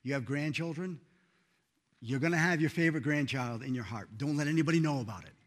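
A man preaching a sermon in a church, earnest and emphatic, rising loud then dropping soft. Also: fairly high pitch, fast. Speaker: pastor.

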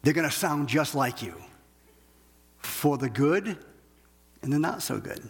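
Male pastor, husky voice, relaxed conversational sermon delivery with lots of restarts and check-ins. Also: fairly high pitch, a little slow, in a large hall. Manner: conversational preaching with frequent restarts and "okay?" checks.

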